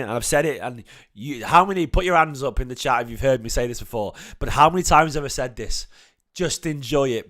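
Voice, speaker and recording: A hoarse man, talking in a slightly higher register than most men. He gushes about his team with passionate repetition, his worn-out voice cracking with feeling. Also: fairly bright tone. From Manchester, England. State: hoarse, lost voice. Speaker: football fan channel host. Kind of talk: emotional match reaction vlog.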